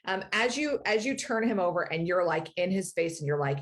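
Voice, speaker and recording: A woman's voice: lowish voice, expressive. A woman narrating as game master in a casual, filler-heavy way. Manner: casual, many fillers, quick to laugh.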